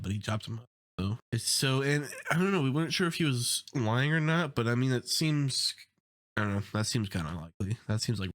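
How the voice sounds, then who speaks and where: A man's voice: on the low side, no echo, clean studio sound. A young man casually recapping TV episodes, rambling and filling his talk with "like" and "you know". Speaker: show recap host.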